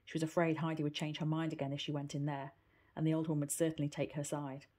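A woman's voice: low voice, little pitch movement, fast talker, mellow. A woman reading a children's classic aloud, narrating steadily and evenly. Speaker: reader. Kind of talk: storybook reading.

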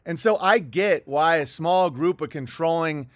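Middle-aged male stream host, fairly high voice, dry close sound, heated profane rambling. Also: measured pace, no room sound. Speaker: livestream host. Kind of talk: rambling livestream monologue reading viewer chats.

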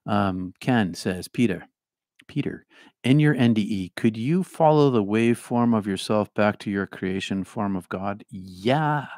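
Middle-aged host, faint Boston accent, animated and rambling, lowish voice, dry sound. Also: male voice, a little slow, no room sound. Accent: Boston, mostly trained out. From Boston area. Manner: animated, rambling, repeats words and restarts. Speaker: host reading viewer comments. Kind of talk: casual livestream talk.

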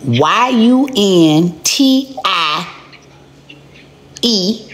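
A woman hosting a live stream, roasting the person on the phone in a sassy, scolding way with drawn-out emphasis. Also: medium pitch, animated. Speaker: live-stream host making prank calls. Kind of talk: brash comic phone roasting.

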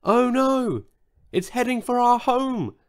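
A man's voice: very high-pitched, expressive, measured pace, voice pushed up, heavily acted. A man doing Saizo, a huge dinosaur with a tiny timid voice. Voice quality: small, soft and breathy. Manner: timid and earnest.

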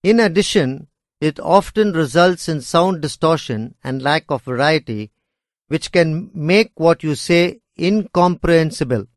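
A man reading a scripted lesson on speaking skills in a measured, deliberate way. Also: on the high side, animated, no echo, clean studio sound. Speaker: instructor.

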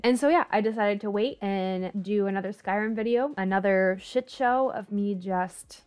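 A young adult woman talking through a video game, chatty and self-deprecating, reacting out loud as she plays. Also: mid-range voice. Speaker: gaming YouTuber. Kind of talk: casual let's-play commentary. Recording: faint background noise.

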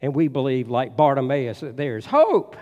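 A man's voice: medium pitch, sing-song, dull audio. Man preaching in a reverberant church. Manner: emphatic, repeats key phrases softer and slower. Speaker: pastor. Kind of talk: sermon. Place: church sanctuary.

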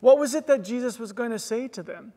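A male pastor preaching a sermon, telling a story earnestly with frequent restarts and quick "right?" asides. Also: extremely high pitch, dark tone. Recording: long reverb of a large hall.

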